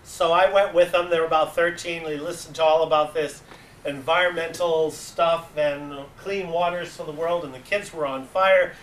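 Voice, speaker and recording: A man's voice: fairly high pitch, moderate pace. A man with a New England accent giving a storytelling presentation to a meeting, acting out voices in his anecdotes. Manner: animated, acts out voices in anecdotes. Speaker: club advisor giving a talk. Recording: echoey room, distant mic, faint hiss.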